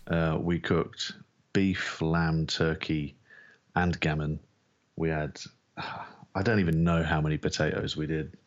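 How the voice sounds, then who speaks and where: A man with a very low voice co-hosts a chatty podcast, sounding relaxed and dryly grumbling. His sound comes through slightly muffled and lo-fi. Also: slow pace. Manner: laid-back, dry, grumbling. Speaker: podcast co-host. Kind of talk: casual podcast banter.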